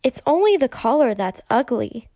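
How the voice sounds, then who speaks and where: Woman doing a theatrical young girl, sophisticated, fairly high. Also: big pitch swings, normal speed, dark tone, no room sound, clean studio sound. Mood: bright. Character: poised, imaginative young girl.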